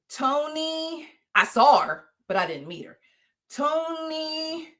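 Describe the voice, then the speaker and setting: A woman host on a casual livestream, talking straight to her viewers. Her voice sits high and swings up and down all the time. The tone is bright and a little sharp. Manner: animated, playful, chatty with viewers.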